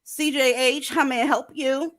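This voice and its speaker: A woman's voice: sits high, steady tone, moderate pace, fairly bright tone. A woman hosting a live online panel, blunt, profane and joking with callers. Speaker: livestream host.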